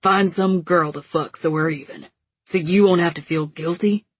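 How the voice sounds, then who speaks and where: A woman reading the part of an angry, bitter young man with a gruff, clipped delivery. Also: fairly low pitch, steady tone, normal speed. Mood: furious.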